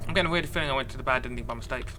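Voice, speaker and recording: A man's voice: mid-range voice, very fast, noisy background. A man giving casual, rambling gameplay commentary while voicing a story game. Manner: rambling, exasperated. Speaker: let's play gamer. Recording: game music behind.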